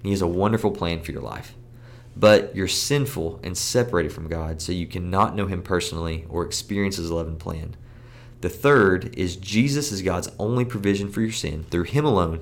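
A man hosting a campus ministry podcast, teaching in an earnest, conversational way with many casual fillers. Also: deep voice. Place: seated indoors.

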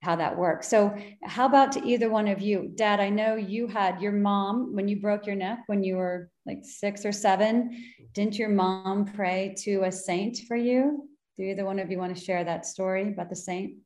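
A woman's voice: mid-range voice, fairly even intonation, normal speed, darkish tone, echoey room. A woman hosting a casual chat, talking eagerly with many restarts. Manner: chatty, restarts and hedges a lot. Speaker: host.

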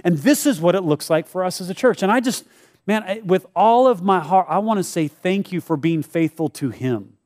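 High-voiced pastor talking casually. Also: male voice, animated, normal speed, darkish tone. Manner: casual and joking, acts out short prayers. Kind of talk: church giving talk to a congregation. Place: church service before a live congregation.

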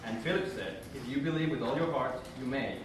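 A man in a class reading scripture aloud, quick and quiet with restarts. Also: mid-range voice. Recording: distant echoey recording with background noise.

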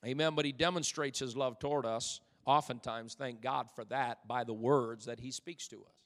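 A man's voice: medium pitch, normal speed. Preaching man in a reverberant church. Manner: animated preaching that builds to loud, fervent peaks; humorous asides to the congregation. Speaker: pastor. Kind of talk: sermon. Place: church sanctuary. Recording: long reverb of a church hall.

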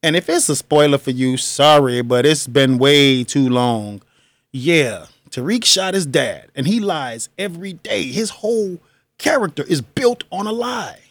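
A man's voice: fairly high pitch, animated, a little slow, no room sound. A man hosting a podcast, talking casually and emphatically, with slangy asides and frequent laughs. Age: adult with children. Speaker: podcast host. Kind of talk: casual solo commentary.

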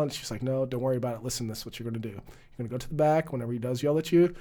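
A young man in a relaxed talk show, spinning a long anecdote. He laughs often and slips into voices for the people in his story. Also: mid-range voice, racing. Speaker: podcast co-host. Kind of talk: casual storytelling chat.

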